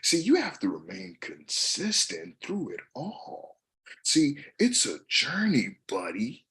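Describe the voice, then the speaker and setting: Motivational speaker: young man, lively, bright-toned, shouts then drops low. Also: slow. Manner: passionate, swings from shouting to soft asides. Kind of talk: motivational monologue.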